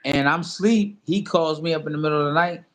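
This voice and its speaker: A man's voice: a little high, quick pace. A man in his fifties, a former boxer, telling a story in a casual sit-down interview, acting out phone calls and talking loosely with lots of fillers. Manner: animated storyteller who acts out both sides of a phone call; loose, repetitive phrasing with many fillers.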